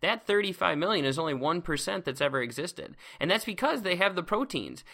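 This man's voice sits high and sing-song, a bit fast, creaky, pushed and bright. Seated at a close microphone, he hosts a casual science lecture podcast, exuberant and playful, piling on words like "awesome."

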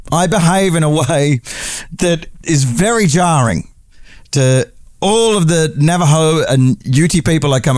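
A man's voice: on the high side, darkish tone, no room sound, clean studio sound. A man hosting a podcast, telling a rambling, profane comic story and correcting himself as he goes. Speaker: podcast host.

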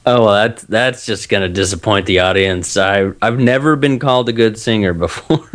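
Low-voiced Texan man, easygoing guest. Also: moderate pace, fairly bright tone. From Texas. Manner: easygoing, reflective, with frequent restarts. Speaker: guest, author and blogger. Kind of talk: casual interview chat.

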